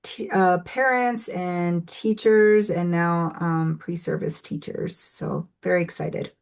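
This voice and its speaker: A woman guest on a podcast, speaking slowly with frequent pauses and fillers. Her voice sits a little low. She talks in a thoughtful, measured way. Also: steady tone, vocal fry, smooth. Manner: unhurried, thoughtful, with many fillers. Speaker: assistant professor, incoming association president.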